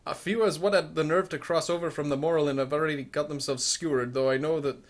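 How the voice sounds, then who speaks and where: A man voicing a gruff old villager in a wobbly, made-up accent, reading game dialogue aloud. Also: fairly high pitch, steady tone, fast, natural voice. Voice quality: loud, mangled mock accent.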